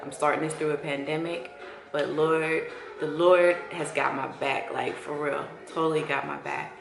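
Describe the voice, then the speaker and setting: A woman, talking to viewers in a casual vlog, excited, heartfelt and chatty. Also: low voice, normal speed, creaky. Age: 40s. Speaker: esthetician. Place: her empty new salon studio. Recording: echoey room with faint music.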